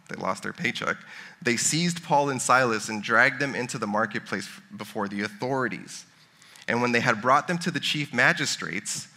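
A man's voice: mid-range voice, bright, forceful tone. A man in his thirties giving a casual sermon, chatting and joking with the congregation. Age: 30s. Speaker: pastor.

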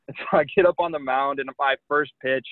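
Young guy pitcher telling a story on the phone, flat-ish voice, tinny dry line. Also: normal speed, no room sound. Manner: animated anecdote telling with many likes and you knows. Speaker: guest, pro baseball pitcher. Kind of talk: casual storytelling.

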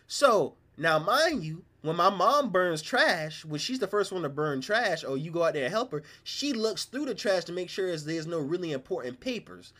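A young man with a Southern US accent, host of a podcast, telling a story in casual, animated, slang-heavy chat. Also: high-pitched, moderate pace, hardly any pauses. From South Carolina, US.

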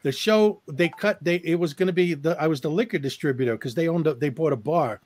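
A man with a slightly high voice, an actor, tells audition stories with eager energy in a podcast chat. He stumbles over himself with repeated starts. The sound is dry and close, with no room around it. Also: fairly quick, darkish tone, dry recording. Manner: eager storyteller with frequent repeated restarts.

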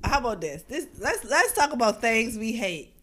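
A woman with a bright, high voice, chatting on a radio show. She tells her stories with a lot of swing in her pitch and laughs her way through them. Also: moderate pace. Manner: animated storyteller, laughs a lot, talks to listeners as "y'all". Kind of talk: casual chat.

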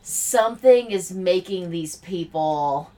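Animated woman recapping a film. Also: lowish voice, slow pace, far from the mic. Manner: animated, swearing, laughing, quoting characters. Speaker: podcast co-host. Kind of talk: casual chat recapping a film.

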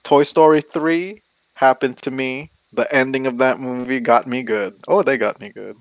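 Casting: man, casual podcast co-host, animated storyteller, mid pitch, dry close sound. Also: moderate pace, dry recording, poor audio. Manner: animated storyteller, swears, laughs often. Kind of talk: casual chat.

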